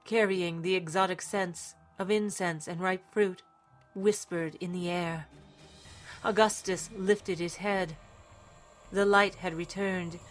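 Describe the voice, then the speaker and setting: Measured woman narrating fiction dramatically, mid-pitched, soft music under. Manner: dramatic storytelling reading. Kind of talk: scripted audiobook narration.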